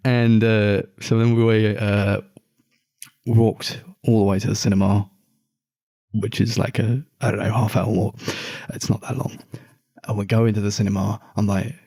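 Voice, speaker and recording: A young man co-hosting a casual podcast chat, telling a story with lots of swearing and animated retelling. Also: lowish voice, moderate pace, creaky, pauses often. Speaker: podcast co-host.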